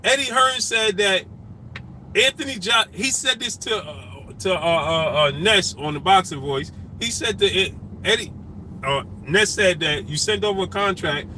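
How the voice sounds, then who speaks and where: A man hosting a boxing talk stream, repeating himself emphatically and shouting out viewers by name. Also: sits high, unhurried, a little hiss or hum, poor audio. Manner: animated, repetitive, emphatic street talk. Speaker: boxing talk show host.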